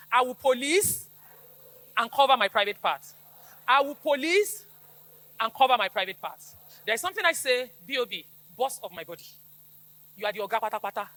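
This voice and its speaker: A woman's voice: on the high side, pushed and bright. A middle-aged woman with a Nigerian accent, a police officer giving an emphatic call-and-response talk to schoolchildren. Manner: emphatic, preachy, repeats slogans for the crowd to echo.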